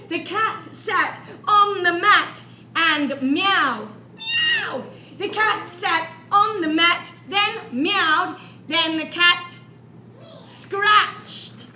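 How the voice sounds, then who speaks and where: A woman's voice: extremely high pitch, pushed and bright, a little hiss or hum. A woman storyteller leading children in an upbeat chanting memory game. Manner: upbeat, leads group chants and clapping. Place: library room. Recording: echoey room.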